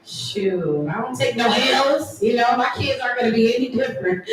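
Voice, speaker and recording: A woman's voice: on the high side, expressive, measured pace, long pauses, a little hiss or hum. Woman comedian, stand-up set, teasing crowd work, very echoey room, distant mic. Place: live comedy event venue.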